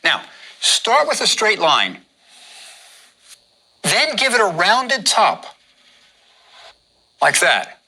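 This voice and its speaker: A man's voice: high voice, wildly swooping pitch, drawn-out words, pauses often, pushed and bright, husky, poor audio. A man teaching how to draw hieroglyphs, giving patient step-by-step instructions and repeating each step. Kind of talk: step-by-step drawing lesson.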